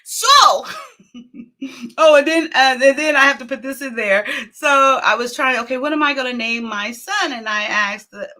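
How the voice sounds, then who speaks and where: Woman host, middle-aged, high bright voice, chatty storyteller who laughs a lot. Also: moderate pace. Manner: animated, laughs often, acts out quotes. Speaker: talk show host. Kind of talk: casual storytelling.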